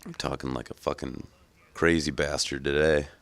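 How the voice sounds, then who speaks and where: A man with an extremely deep, smooth voice gives casual, foul-mouthed gameplay commentary. His tone is bright and forceful, recorded close and dry. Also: steady tone, normal speed, dry recording. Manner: casual, profane, joking. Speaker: gaming channel host.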